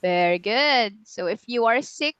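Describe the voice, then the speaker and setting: A woman English tutor with a slightly higher voice leads an online lesson, encouraging her student and repeating words so they can copy them. She is recorded dry and close. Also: expressive, unhurried, a bit bright, clear, resonant tone, dry recording, lo-fi sound. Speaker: English teacher.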